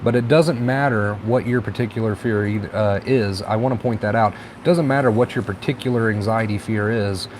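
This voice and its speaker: A man hosting a casual live stream, chatting in a relaxed, encouraging way and reading viewer comments aloud. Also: fairly low pitch, normal speed, hardly any pauses, slight background noise. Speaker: livestream host.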